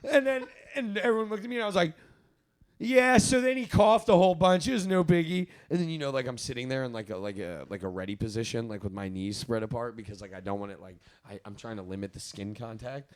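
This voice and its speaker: A young man co-hosting a podcast, telling a story in a rambling casual way with lots of fillers and loud bursts of laughter. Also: medium pitch, fast, few pauses. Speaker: podcast co-host.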